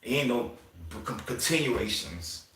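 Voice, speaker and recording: A man's voice: medium pitch, expressive, unhurried, fairly bright tone, roomy sound. A man hosting a livestream, rambling on in a casual, profane rant with many asides, stumbles and restarts. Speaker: livestream host.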